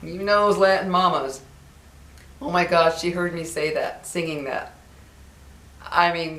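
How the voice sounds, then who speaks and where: A woman's voice: on the low side, measured pace, a bit bright. Older woman vlogger, chatty storyteller, records in a roomy, echoey space. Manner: chatty and reminiscing, acts out quoted voices. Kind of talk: casual chat to viewers.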